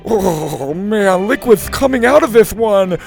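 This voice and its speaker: A man voicing a fussy, squeamish boy in a storybook reading, with drawn-out dramatic exclamations. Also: high voice, animated, vocal fry, darkish tone, faint music behind, voice pushed up, exaggerated voice. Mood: disgusted. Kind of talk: storybook read-aloud.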